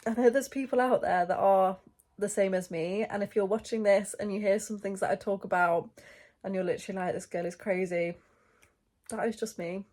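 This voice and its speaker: A woman's voice: medium pitch, steady tone, a little fast, darkish tone. A young woman talks casually to camera while still in bed. Her voice is a bit stuffy from a recent head cold. She rambles in a friendly way, with plenty of fillers. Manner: chatty and rambling, many fillers. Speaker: vlogger. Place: in bed, indoors.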